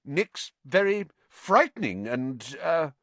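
A determined young schoolboy speaks with tense urgency, a little higher and louder than plain narration, as a man reading a storybook plays him. His voice pushes forward with purpose. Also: big pitch swings, slow, dry recording, heavily acted. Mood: urgent.

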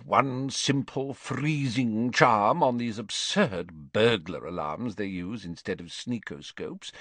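A man's voice: medium pitch, a bit bright, no room sound, pitched above the performer's own voice. A man voicing a fussy, blustering old male wizard who bursts into indignant protests.

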